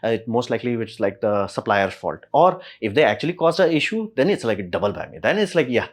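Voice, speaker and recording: A man at a middle pitch talks through a technical topic in a relaxed, slang-filled way. He is animated and keeps slipping into quick acted-out reactions as he explains. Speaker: YouTube tech explainer. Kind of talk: casual spoken explainer.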